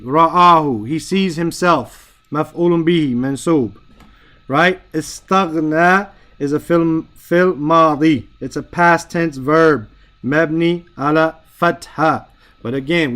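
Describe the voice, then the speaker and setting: A man teaching a grammar lesson in a fairly high voice. He explains step by step and keeps checking that his students follow. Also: a bit bright. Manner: explains patiently, checks in with "right?" often.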